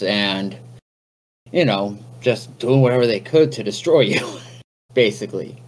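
A man hosting a casual talk on folklore, speaking conversationally with fillers and asides. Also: lowish voice. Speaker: podcast host.

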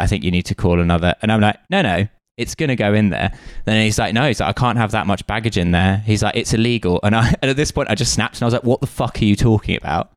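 A young man co-hosting a podcast, telling an animated story with plenty of swearing and acted-out dialogue. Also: sits low, dry recording, clean studio sound. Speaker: podcast co-host. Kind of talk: casual chat, storytelling.

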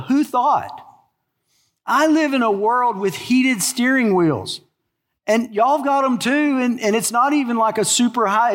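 Older pastor, kinda high voice, folksy and animated, preaching. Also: male voice. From American South. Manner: folksy, animated storytelling with rhetorical questions. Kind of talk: sermon.

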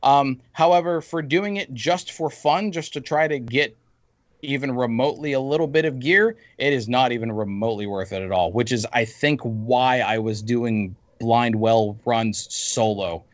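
A man's voice: mid-range voice, normal speed, dry recording. A man in a casual gaming chat, venting and rambling with restarts. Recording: dull lo-fi dry mic.

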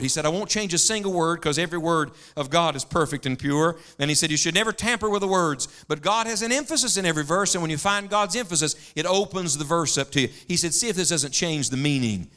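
A man's voice: fairly high pitch, bright, forceful tone. A man preaching a sermon to a congregation, earnest and preacherly, often quoting others aloud.

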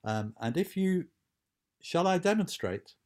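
A relaxed, chatty rock musician, his voice lifted slightly higher than the speaker's natural tone, as a man puts on the impression. He talks in easy, friendly asides. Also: unhurried.

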